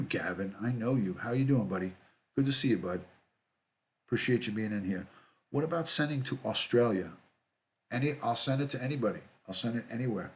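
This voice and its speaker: A middle-aged man, hosting a casual livestream, reading viewer comments aloud and greeting people by name, often repeating himself. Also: medium pitch. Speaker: livestream host, retired detective.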